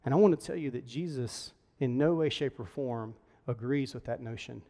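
A man's voice: medium pitch, normal speed, mellow. A man preaching a sermon as pastor, earnest and conversational, telling stories to a room of men. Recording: reverberant hall.

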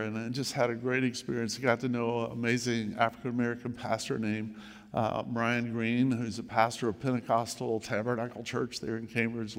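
A man's voice: mid-range voice, big-room sound. An older man, a grandfather, preaching a sermon in a conversational storytelling manner. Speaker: pastor.

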